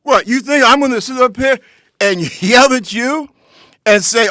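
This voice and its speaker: A man's voice: very high-pitched, normal speed, sharp tone, no echo. A man hosting his own show, giving an impassioned, confrontational political commentary that speaks straight to his listeners. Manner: lecturing, confrontational, addresses listeners directly.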